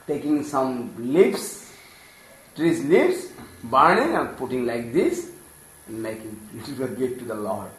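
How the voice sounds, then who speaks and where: A man telling a devotional story in simple English, animated, acting out the characters' voices and laughing often. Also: a little high. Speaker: storyteller preacher. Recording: echoey room.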